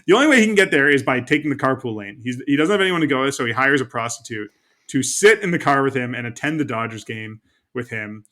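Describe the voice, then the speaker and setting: A man's voice: mid-range voice, lively intonation, quick pace, sharp tone. A man co-hosting a sports podcast, chatting casually and recapping TV episodes. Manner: conversational, recaps episodes with light laughs. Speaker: podcast co-host. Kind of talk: casual chat.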